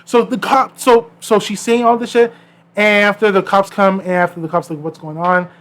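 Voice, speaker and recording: A man's voice: high-pitched, moderate pace. A man co-hosting a podcast, telling stories in casual chat and acting out the people in them. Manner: animated storyteller acting out quoted people. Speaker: podcast co-host.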